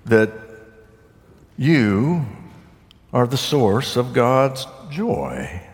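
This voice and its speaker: Male pastor, mid-pitched, measured sermon delivery with slowed phrases; long hall reverb. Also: very animated. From southern United States.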